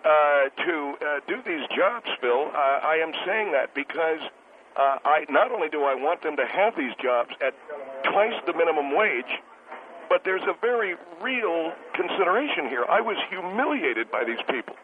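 A man's voice: fairly high pitch, sing-song, moderate pace. A man playing a bitter, self-important restaurant owner calling into a talk show, stammering and indignant. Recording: tinny phone line with hiss.

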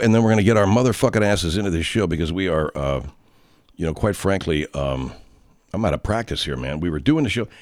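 A man hosting a comedy radio show, with a lowish voice that moves around a lot as he rambles. He talks in a casual, profane and self-deprecating way, and the sound is close and dry. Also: dry recording.

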